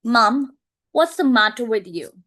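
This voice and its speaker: A woman voicing a spoiled, demanding young daughter who orders her mother about, reading aloud slowly in a lesson. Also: sits high, big pitch swings, a bit bright, pitched above the performer's own voice, heavily acted. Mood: indignant. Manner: petulant, bossy.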